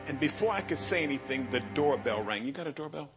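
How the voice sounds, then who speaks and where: A bishop in his sixties telling a personal story in a sermon, animated and imitating other preachers' drawling catchphrase. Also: on the high side, fast, over music.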